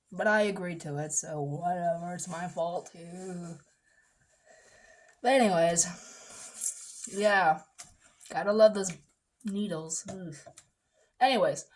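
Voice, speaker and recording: A woman telling a story in a casual vlog, dramatic and animated, often swearing and acting out the voices of others. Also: lowish voice.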